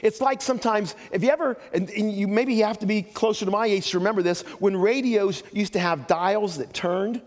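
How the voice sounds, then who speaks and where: A man's voice: high voice, big-room sound. An older man preaching a sermon as pastor, telling folksy stories with joking asides.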